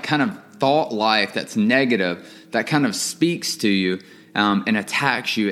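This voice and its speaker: A man's voice: mid-range voice, a bit bright. A young man hosting a faith podcast, talking in an earnest, rambling way with frequent ums and repeated words. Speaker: podcast host. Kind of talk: casual faith podcast monologue.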